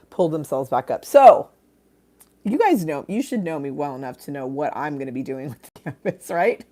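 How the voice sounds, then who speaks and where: A woman's voice: sits low, animated, normal speed, mellow. A woman hosting a casual livestream from her phone, rambling, swearing casually and reading out viewer comments. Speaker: livestream host.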